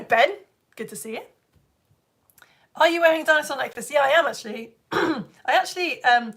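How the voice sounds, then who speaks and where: This is a woman, hosting a casual live stream. She chats eagerly and breaks into squeals and laughter. Her voice sits slightly higher than most women's. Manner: chatty and excitable, bursts into laughter and squeals. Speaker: live show host reading viewer comments.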